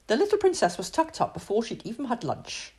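A woman reading a children's storybook aloud in an expressive, sing-song way. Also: fairly high pitch, fairly quick, husky.

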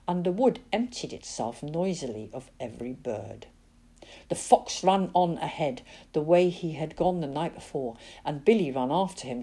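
A woman giving a dramatic, expressive reading of a children's novel as its narrator. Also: deep voice, breathy edge. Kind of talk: storybook narration.

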